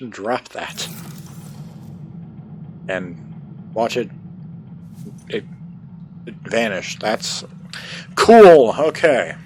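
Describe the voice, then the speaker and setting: A man's voice: medium pitch, very animated, extremely slow, long pauses, darkish tone, slight background noise. Chatty man playing a game. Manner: chatty, laughing, thinking aloud. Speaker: gamer. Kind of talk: let's play commentary.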